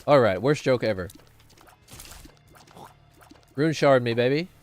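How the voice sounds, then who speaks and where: Guy rambling while he plays, chuckles a lot, average pitch, quiet game music underneath. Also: expressive, takes it slowly. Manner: rambling, chuckling, self-mocking. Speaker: streamer. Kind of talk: casual gaming commentary.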